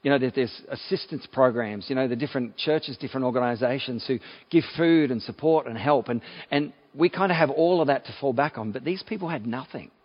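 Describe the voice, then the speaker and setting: Aussie pastor preaching a sermon, chatty with lots of you-knows, slightly dull lo-fi sound. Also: male voice, mid-range voice, fairly quick, few pauses. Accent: Australian. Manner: conversational, with frequent fillers and restarts.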